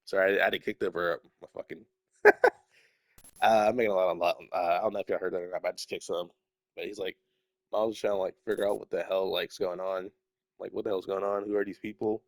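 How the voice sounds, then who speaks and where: A man's voice: low-pitched, flat delivery, fast, long pauses, dry recording. A young man chatting casually in a rambling way, swearing often and trailing off into mumbles, a little sick with a stuffy nose. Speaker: YouTuber.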